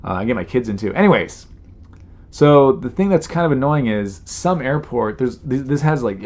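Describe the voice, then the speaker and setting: A man's voice: medium pitch, expressive, moderate pace, a little mellow. A man hosting his podcast, telling stories in a rambling casual monologue full of "you know" fillers and exasperated imitations of people. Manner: mimics people in exasperated quoted asides. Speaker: podcast host.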